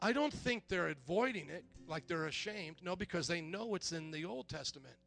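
High, gravelly preaching man. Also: normal speed, faint music behind. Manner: animated, shouts when acting out stories. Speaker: pastor. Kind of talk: sermon with storytelling.

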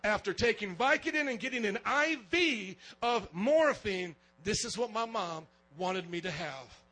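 Bright, high-voiced preaching man. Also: rough recording. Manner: lively preaching, calls for amens and gets loud. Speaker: pastor. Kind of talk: sermon.

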